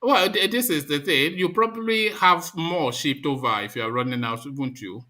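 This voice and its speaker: A man's voice: a little high, lively intonation, normal speed, crowd noise. A man with a Nigerian accent hosting a live online panel, teasing a guest and stammering through his replies. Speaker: show host.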